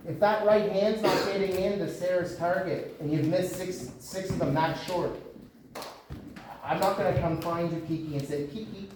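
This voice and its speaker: A Canadian boxing coach with a high-sitting voice speaks at a moderate pace, giving his fighters a blunt lecture about speaking up. The gym recording is echoey, picked up from far off, with background noise.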